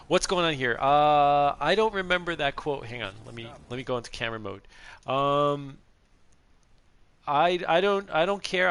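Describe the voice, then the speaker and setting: A middle-aged man talks loosely while he plays, rambling from one aside to the next and breaking into laughter now and then. His voice sits at an ordinary pitch and has a bright, forward edge. There is a faint hum of room noise behind him. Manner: rambling, chatty, laughs often. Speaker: streamer playing a video game. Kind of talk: casual gameplay chat.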